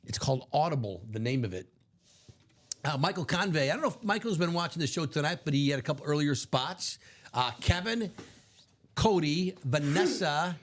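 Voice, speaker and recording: A man's voice: on the high side, expressive, moderate pace. A middle-aged man hosting a live card-break stream, chatting casually and upbeat and laughing often.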